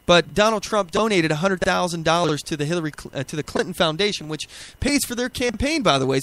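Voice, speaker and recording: A man's voice: high voice, a bit bright, no echo. A young man hosting a political talk radio show, ranting emphatically in a plainspoken way with fillers.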